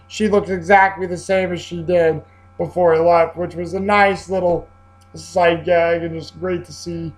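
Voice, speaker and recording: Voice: medium pitch, poor audio. A casual film reviewer with a mid-range voice talks through a plot in a loose, rambling way. The delivery is full of fillers and self-corrections. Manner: rambling, with frequent fillers and restarts. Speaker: movie reviewer.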